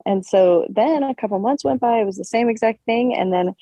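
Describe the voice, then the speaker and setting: A young woman co-hosting a podcast, telling a story in a casual, animated way, full of fillers and swearing. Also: fairly high pitch, a little fast, no echo, poor audio. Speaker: podcast co-host.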